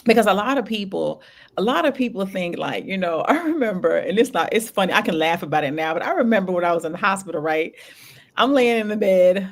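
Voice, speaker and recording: A woman hosting a candid podcast conversation, telling her story in an animated, laughing way with casual slang. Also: medium pitch, fast. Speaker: podcast host.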